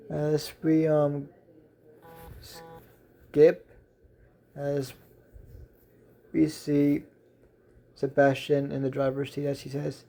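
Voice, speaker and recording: A man narrates his self-written fan story in a halting way, full of ums and restarts. His voice is dark and gravelly, with a slightly higher pitch that hardly rises or falls. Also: monotone.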